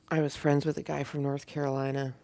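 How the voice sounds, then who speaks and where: A woman's voice: sits low, little pitch movement, brisk, dark tone. A woman hosting a casual livestream from her apartment, talking in a put-on Southern US accent, rambling and chatty with frequent laughs. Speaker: livestream host. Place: at home in an apartment. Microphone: device camera.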